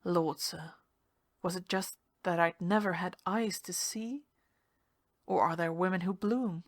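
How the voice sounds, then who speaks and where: A woman narrating a ghost story in a measured, hushed storytelling manner. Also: on the low side, no echo, clean studio sound. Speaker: story reader.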